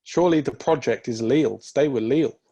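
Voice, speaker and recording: A man's voice: medium pitch, fairly quick, mellow. A man co-hosting a casual football podcast, jokey and full of questions. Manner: quizzing, jokey.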